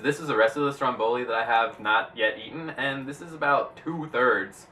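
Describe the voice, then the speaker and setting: A young man vlogging in a chatty, rambling way, full of "like" and excitable bursts. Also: medium pitch, a little fast, hardly any pauses, recorded from a distance, slight background noise, rough recording. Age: young adult. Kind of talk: casual vlog monologue.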